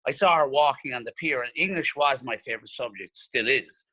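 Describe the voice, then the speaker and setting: A man spins an animated anecdote, acting out the people in it. His voice is bright and forward, recorded close and dry with no room sound. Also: medium pitch, a little fast, breathy edge, no echo, low-quality recording. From Ireland. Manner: animated anecdote teller who acts out quotes. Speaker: pub and restaurant owner, guest. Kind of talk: casual storytelling.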